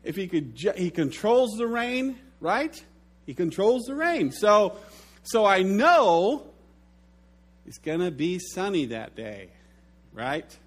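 A middle-aged pastor preaching a sermon, telling stories with lively swings in his delivery. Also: high voice, slow pace. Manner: animated storytelling, acts out his own shouted outburst.

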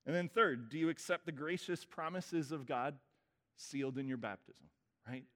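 A man as pastor, leading a baptism liturgy with relaxed, informal asides between the formal vows. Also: on the high side, normal speed. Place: church sanctuary. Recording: reverberant church hall.

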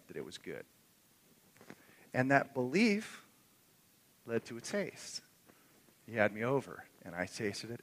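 A man preaching a sermon in earnest, swelling loud on key phrases and then dropping soft. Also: medium pitch, a little hiss or hum. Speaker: pastor. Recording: long echo of a hall.

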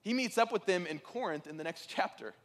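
A man preaching a sermon, telling stories in an animated way that rises to excited peaks. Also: high-pitched, fairly quick, in a large hall. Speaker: pastor.

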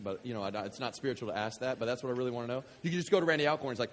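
A man from West Kentucky preaching a sermon, joking with the congregation and swinging from quiet scripture reading to loud excitement. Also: medium pitch, very fast, hardly any pauses. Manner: animated, jokey, swings between quiet reading and loud enthusiasm. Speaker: pastor.

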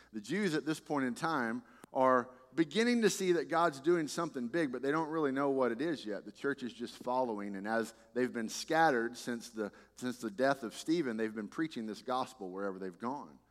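A man preaching a sermon as a pastor, talking in a conversational, animated way with frequent restarts. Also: mid-range voice, normal speed, few pauses, in a large hall.

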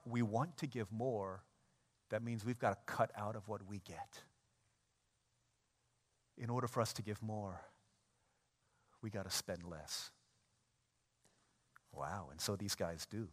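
Male pastor, sermon, animated, conversational, mid pitch, long hall reverb. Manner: animated, acts out everyday scenes in quoted voices.

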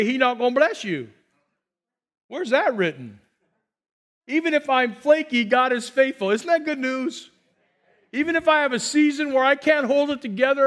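A man's voice: very high voice, fairly bright tone. A man, a pastor, preaching a sermon with emphatic repetition and call-and-response to the congregation.

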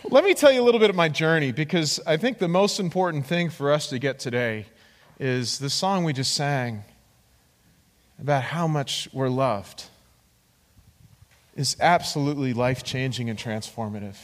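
A man preaching a sermon, telling his own story in an animated way and acting out the voices of the people in it. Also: mid-range voice, normal speed. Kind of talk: sermon with personal testimony. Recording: long hall reverb.

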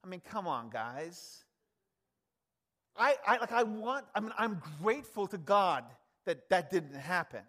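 Male preacher, higher pitch, emphatic conversational sermon delivery. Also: sing-song, a little slow. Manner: emphatic, conversational, swings from loud to hushed.

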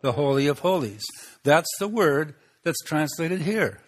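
A man preaching a sermon, teaching in an unhurried way, pausing often and asking the listeners rhetorical questions. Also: a little high, animated.

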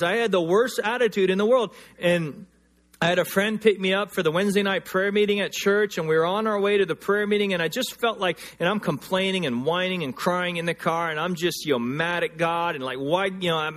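A man preaching a sermon, swinging from loud emphatic lines to quiet, hushed ones, and telling personal stories. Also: fairly high pitch. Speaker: pastor.

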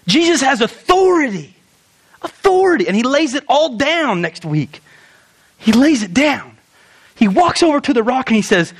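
A young man preaching a sermon as pastor, animated, asking rhetorical questions and acting out quoted lines. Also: extremely high pitch, moderate pace.

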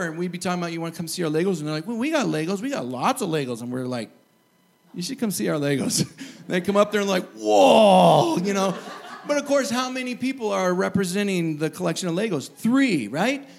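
Man, high voice, middle-aged, pastor, sermon, lively storytelling, chuckling asides.

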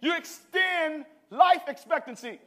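Pastor, male, high bright voice, lively call-and-response preaching. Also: measured pace. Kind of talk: sermon.

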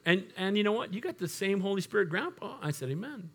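A middle-aged man with a high voice preaches to his congregation. He tells stories and acts out the figures in the passages he quotes. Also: lively intonation, fast talker. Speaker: pastor. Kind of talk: sermon.

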